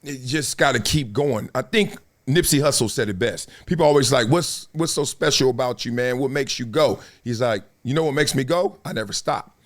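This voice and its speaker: A man's voice: mid-range voice, moderate pace, few pauses. A middle-aged man hosting a podcast, talking in laid-back slang about sports figures. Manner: laid-back slangy talk, breaks into freestyle rap. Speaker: podcast host. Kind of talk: casual commentary.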